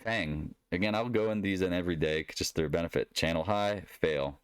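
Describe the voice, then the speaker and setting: A man's voice: low voice, a little fast, smooth, dry recording. A man giving a rambling solo market recap in a blunt, sarcastic manner. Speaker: market commentator.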